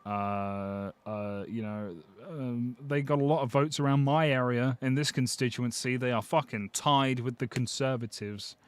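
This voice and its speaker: A man's voice: mid-range voice, fairly even intonation, unhurried, hardly any pauses, smooth. A man streaming live, chatting casually with viewers in a blunt, sardonic way and swearing freely.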